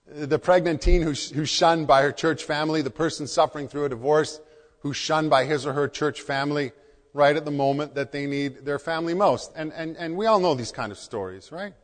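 A man's voice: a little high, a little fast. A man preaching as a pastor in church, earnest and repeating key phrases for emphasis. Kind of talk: sermon. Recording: long hall reverb.

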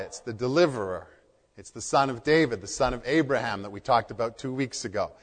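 An earnest male pastor delivers a sermon at a middle pitch, leaning on repeated phrases to drive his points home. His voice carries through a church with a long, ringing reverb.

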